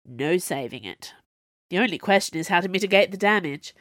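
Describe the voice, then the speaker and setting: A woman voicing a measured, curt middle-aged male professor in an audiobook. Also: lowish voice, animated, fairly bright tone, no room sound, studio quality.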